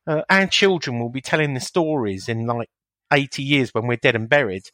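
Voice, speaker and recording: A man's voice: medium pitch, normal speed, a bit bright, no echo. A man hosting a casual radio chat, teasing his co-host and steering the talk along. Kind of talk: casual banter.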